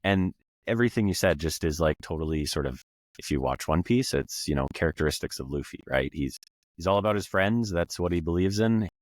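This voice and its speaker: A man's voice: low-pitched, animated, brisk, no room sound. A man co-hosting a podcast, chatting casually and rambling with many fillers. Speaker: podcast co-host. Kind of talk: casual chat.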